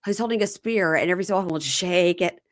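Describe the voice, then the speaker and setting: A woman hosting a casual chat show, retelling scenes with lively acted-out bits. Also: on the low side, fast, crowd noise. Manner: animated storyteller, acts out scenes. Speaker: podcast host recapping reality TV.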